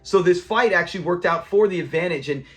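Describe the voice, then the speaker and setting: A man reviewing a TV episode in a casual, animated retelling, laughing often and acting out the characters' lines. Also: high voice, quick pace.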